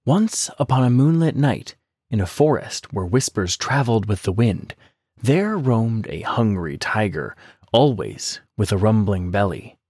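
A man narrating a children's storybook in a lively, expressive scripted reading. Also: on the low side, measured pace, breathy edge, dry recording, studio quality.

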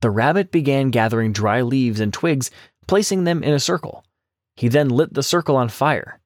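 A man narrating a children's storybook in a lively, expressive scripted reading. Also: medium pitch, normal speed, dry recording, clean studio sound.

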